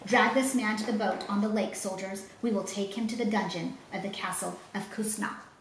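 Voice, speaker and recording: A woman's voice: medium pitch, steady tone, normal speed, slight background noise, close to an everyday voice. A woman voicing a cruel, scornful male governor who mocks and threatens, in a storybook reading. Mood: angry. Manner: mocking, gloating. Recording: roomy echo.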